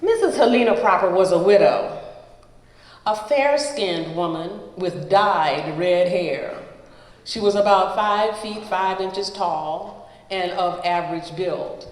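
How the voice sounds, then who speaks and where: A storyteller reads a personal memoir aloud before a live gathering. The delivery is very slow and measured, each phrase set apart by pauses, at a middle pitch. The voice carries a long, roomy hall reverb.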